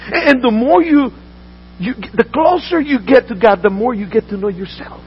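A man's voice: very high-pitched, normal speed, muffled recording, faint music behind. A man preaching a sermon as a pastor, earnest, often repeating words and restarting his sentences.

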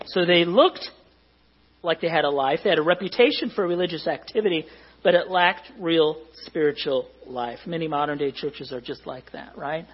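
Husky-voiced man preaching a sermon. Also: a little high, normal speed, lo-fi sound. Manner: conversational, joking with the congregation. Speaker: pastor. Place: church hall.

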